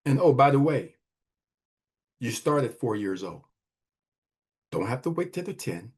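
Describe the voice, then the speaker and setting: Speaking at a measured pace, this middle-aged man has a mid-range, somewhat mellow voice with a breathy edge and big swings in pitch. He's a wealth advisor hosting a podcast, preaching motivational money messages emphatically and repeating lines for effect.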